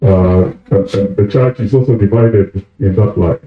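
A man in the audience asking a question at a conference, hesitant and pausing with fillers. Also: on the low side, faint music behind. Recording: tinny echoey hall mic.

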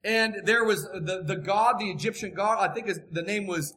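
Man, preacher, very high voice, sharp tone, emphatic, repeats phrases. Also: normal speed. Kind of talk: sermon.

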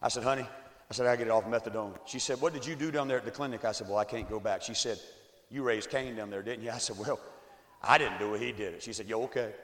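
A man in his forties giving a testimony sermon, swinging from quiet storytelling to shouted climaxes, recorded in an echoey church hall. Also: mid-range voice, quick pace. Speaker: evangelist. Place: church sanctuary.

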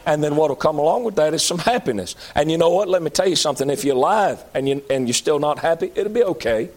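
Man, preacher, high voice, fervent sermon, rising shouts and hushed pleas. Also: lively intonation, quick pace. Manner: impassioned preaching, swinging between high shouts and low pleading.

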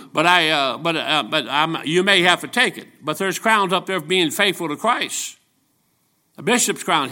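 A man's voice, pitched a little high and ringing with a bright edge, carries a church sermon. He preaches as a traveling evangelist, telling down-to-earth stories and often doubling back to restart a sentence. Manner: folksy, storytelling preaching with frequent restarts.

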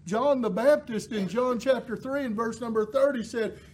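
A man's voice: extremely high pitch, moderate pace, a little mellow. A middle-aged man preaching a sermon, impassioned and rising to emphatic peaks, with folksy asides and filler words.

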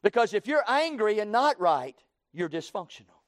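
High-voiced preacher in his sixties. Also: big pitch swings, no echo, studio quality. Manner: preaching with sudden loud acted quotes and slowed emphatic phrases. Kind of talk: sermon.

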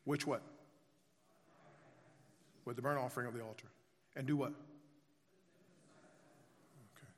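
A man's voice: mid-range voice, fairly even intonation, measured pace, long pauses. A man preaching a sermon, reading scripture aloud and calling on the congregation to answer and repeat after him. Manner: call-and-response with congregation, rhetorical questions. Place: church sanctuary. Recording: long church reverb.

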